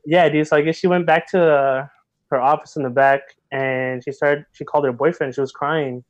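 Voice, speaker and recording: A man guest on a podcast, telling a story in casual chat, animated and full of slang and filler words. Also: on the high side, normal speed, no room sound, highs cut off. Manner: animated, heavy slang, many filler likes.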